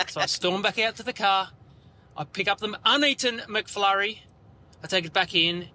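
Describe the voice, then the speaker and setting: Man, Australian accent, high voice, indignant, sweary caller story. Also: normal speed, sharp tone. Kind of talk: phoned-in storytelling.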